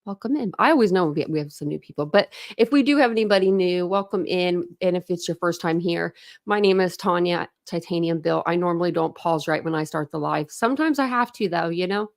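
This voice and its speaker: A woman's voice: fairly low pitch, a little fast, vocal fry, no room sound, clean studio sound. A woman hosting a casual livestream from home, chatty and apologetic, greeting viewers by name. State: a little out of breath. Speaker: livestream host. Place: home room with dogs.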